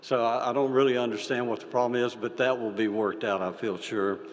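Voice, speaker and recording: An older man giving a folksy, halting speech as a state senator, with many fillers and restarts. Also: mid-range voice, steady tone. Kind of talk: folksy speech with a told story. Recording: reverberant hall.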